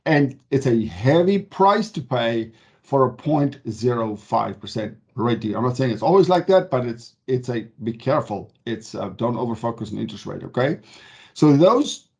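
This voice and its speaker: A man's voice: medium pitch, lively intonation, normal speed, gravelly, darkish tone. A man working as a mortgage advisor, explaining loans in a conversational way and often checking in with "okay?". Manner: emphatic, stresses key words. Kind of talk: explanatory talk to camera.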